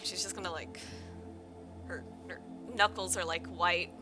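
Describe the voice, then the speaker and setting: A woman's voice: on the low side, fairly even intonation, unhurried. A woman, a tabletop game player, casually describing her character's actions and correcting herself as she goes. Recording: music playing behind. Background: music.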